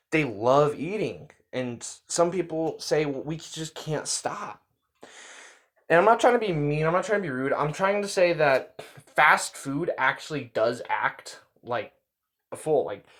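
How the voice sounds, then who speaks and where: A man giving casual reaction commentary, rambling with fillers and repeating himself. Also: on the high side. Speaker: reaction video host.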